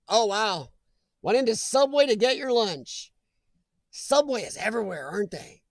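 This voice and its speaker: A man's voice: sits high, sing-song, unhurried, dry recording. A man hosting a live chat stream, chatting casually and jokingly with viewers and reading their comments aloud, laughing often.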